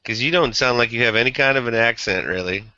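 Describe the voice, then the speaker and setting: Man, host, very bright voice, smooth, dry muffled sound, joking casual chat. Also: mid-range voice, fast, no room sound. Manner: easygoing, jokey.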